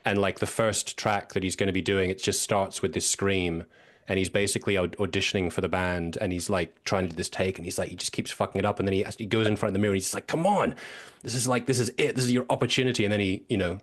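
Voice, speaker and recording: Low-ish voiced guy hosting a podcast, relaxed and chatty. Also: quick pace. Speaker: podcast host. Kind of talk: casual interview chat.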